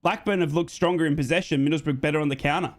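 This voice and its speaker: A young Australian man giving live play-by-play football commentary while chatting with viewers, jumping high and quick when excited. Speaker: fan watchalong commentator.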